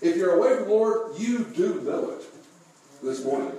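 A man's voice: high-pitched, animated, normal speed, warm tone. A male pastor preaching a sermon, telling folksy stories with chuckles and asking the congregation questions. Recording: echoey room, mic far off.

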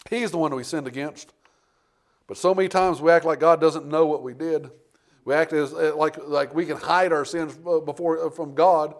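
Male preacher, fairly high voice, folksy and animated, loud peaks and quiet asides. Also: moderate pace. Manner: animated, swings between loud emphasis and hushed; folksy storytelling, calls out "Amen?". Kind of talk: sermon.

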